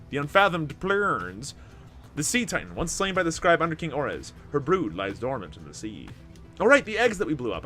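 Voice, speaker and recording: Animated man narrating a video game. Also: mid-range voice. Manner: animated, reads dialogue aloud with excitement. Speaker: gameplay video host. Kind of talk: reading game text aloud and commenting.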